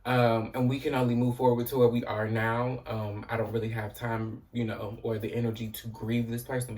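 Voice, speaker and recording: A man talks through a TV episode in a loose, chatty recap, peppering his sentences with "you know" and "um" and the odd curse. His voice sits at an everyday middle pitch. He sounds a little distant from the mic. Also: darkish tone. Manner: chatty, profane, frequent "you know" and "um" fillers. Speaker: TV recap host.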